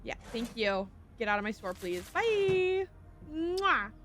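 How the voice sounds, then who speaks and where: A woman's voice: mid-range voice, steady tone, normal speed, a bit bright, a little hiss or hum. A woman streaming a video game, chatting casually in a rambling way and apologizing often, with faint music behind her. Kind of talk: casual gameplay commentary.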